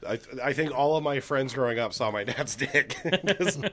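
Easygoing man with lively intonation. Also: medium pitch, normal speed. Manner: laid-back, laughing, swearing. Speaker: podcast co-host. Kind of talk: casual storytelling chat.

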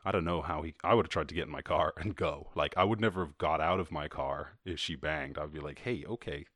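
Irish guy with a real low voice riffing casually on a clip, swears a lot, laughs, dead dry sound. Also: brisk, fairly bright tone, no room sound. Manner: loose and profane, with frequent laughs. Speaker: host. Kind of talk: casual commentary reacting to a video.

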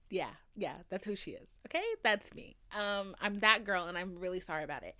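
A woman's voice: medium pitch, a little fast, few pauses. A young woman in her twenties, a podcast host telling casual stories with lots of swearing and laughter. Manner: animated, swearing, laughing often. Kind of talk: casual storytelling.

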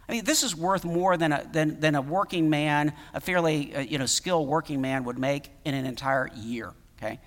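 A man's voice: a little high, normal speed, few pauses, big-room sound. A man preaching a sermon in a conversational, emphatic way, with many fillers and restarts. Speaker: pastor.

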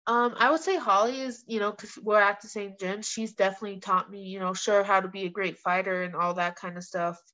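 A young woman who fights professionally chats casually as an interview guest, her mid-range voice steady, brisk, bright and forceful with few pauses. She tells her stories candidly and animatedly, saying "like" a lot and swearing now and then. The podcast audio is lo-fi and slightly muffled.

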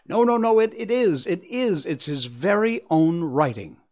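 A man putting on an earnest Victorian lady who won't let a question go, her voice swooping up high and dropping low as she pleads and insists, told like a storybook. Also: big pitch swings, unhurried, full character voice. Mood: insistent. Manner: pleading, pressing for plain answers. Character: Victorian woman, anxious wife, earnest and insistent.

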